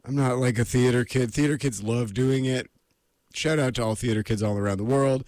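A man's voice: mid-range voice, fairly even intonation, fairly quick, a little mellow, dry recording, clean studio sound. An American man hosting a casual solo show, rambling with self-deprecating asides before reading a book aloud. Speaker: podcast host reading aloud.

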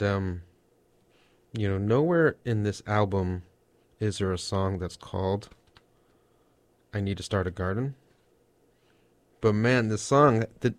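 A man with a lowish voice hosts a radio show from a dry, close studio mic. He rambles casually, jokes at his own expense and leans on fillers as he goes. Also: no room sound. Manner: rambling, self-deprecating, full of fillers. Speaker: radio host.

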